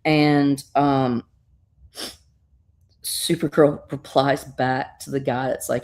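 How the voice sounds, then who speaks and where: A woman with a notably low voice casually recaps a comic book. She tells the story in an animated way, swears freely and fills her pauses with plenty of "um"s and "uh"s. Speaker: guest reviewer.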